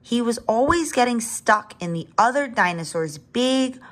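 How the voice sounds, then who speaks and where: Woman reader, children's story read-aloud, expressive, talks to kids. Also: fairly high pitch, measured pace. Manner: expressive, with asides to young listeners.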